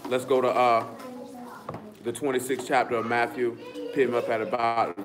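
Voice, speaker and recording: A man's voice: medium pitch, little pitch movement, moderate pace, music in the background. A man teaching a Bible study to a small group, coaxing listeners to read before turning emphatic and preachy. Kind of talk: scripture lesson to a small group.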